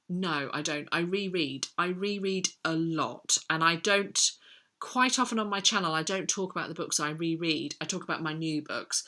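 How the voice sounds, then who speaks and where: A middle-aged woman with a slightly low but bright, clear voice. She talks through viewer questions in a relaxed, chatty way, often pausing on an um while she thinks. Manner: chatty, thinks aloud with many ums. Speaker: book vlogger answering viewer questions. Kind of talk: casual chat.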